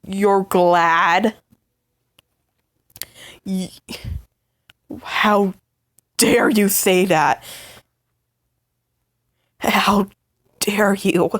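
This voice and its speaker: A woman voicing an upset young partner in a fight with the listener, stammering and halting in emotional outbursts. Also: mid-range voice, steady tone, a bit bright, dry recording. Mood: bitter, angry. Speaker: voice actor in a listener role-play. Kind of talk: listener role-play audio drama.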